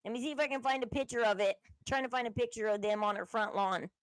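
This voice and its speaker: A woman who hosts a commentary channel talks fast in a high voice while browsing on screen, with no room sound. Her casual commentary is chatty and rambling, and she acts out the people she quotes.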